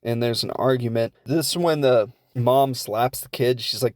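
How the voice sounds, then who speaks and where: A young man casually recapping a film plot in a rambling comedic way, slipping into quick asides for the characters. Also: mid-range voice, steady tone, a little mellow, no echo, clean studio sound.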